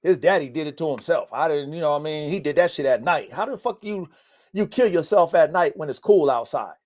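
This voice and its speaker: A man's voice: fairly high pitch, animated, fairly quick, a little mellow. A man hosting a casual live-stream podcast about his dogs, talking bluntly and preachily, swearing often and repeating himself for emphasis. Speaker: podcast host and dog breeder. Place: home in the mountains.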